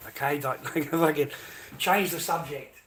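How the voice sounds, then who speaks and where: A man's voice: fairly high pitch, a little slow, background noise. A middle-aged Australian man ranting bluntly to his livestream chat, swearing freely as he rambles.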